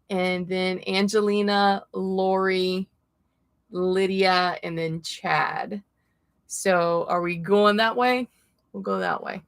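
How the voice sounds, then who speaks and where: Woman, livestream host, tarot reader, slow casual chat, frequent laughs, dry close mic. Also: medium pitch, vocal fry, fairly bright tone, no room sound. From Florida. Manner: chatty, laughs often, greets viewers by name.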